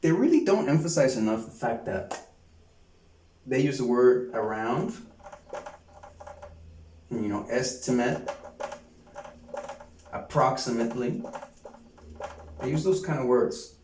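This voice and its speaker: Guy giving an online lecture, slow, keeps restarting, sounds roomy and kinda far from the mic. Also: medium pitch, lively intonation, darkish tone, slight background noise. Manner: halting, many restarts and repeated words. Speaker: course lecturer.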